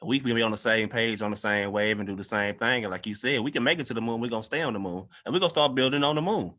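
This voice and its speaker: A man's voice: medium pitch, very fast, sharp tone. A man guest-hosting a podcast, talking in an earnest, loose and conversational way. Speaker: guest host. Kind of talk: casual podcast discussion.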